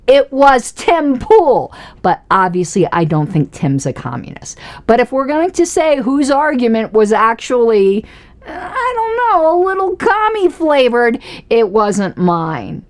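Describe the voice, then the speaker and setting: Chatty, laughing woman streamer. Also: medium pitch. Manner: chatty, laughs often, self-mocking. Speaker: political commentary livestream host. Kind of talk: casual livestream commentary.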